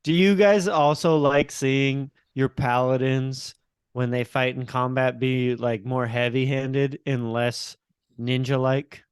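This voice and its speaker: A man's voice: mid-range voice, fairly even intonation, smooth, dry recording, clean studio sound. A man co-hosting a casual film podcast, telling anecdotes and asking his co-hosts questions. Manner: storytelling, measured, asks questions. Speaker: podcast co-host. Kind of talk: casual chat.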